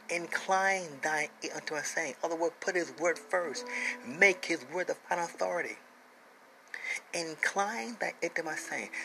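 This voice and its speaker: Gravelly guy preaching, kinda high voice, repeats himself, drops to whispers, soft music behind. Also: poor audio. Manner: emphatic, repeats phrases, swings from loud declarations to hushed whispers. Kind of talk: sermon.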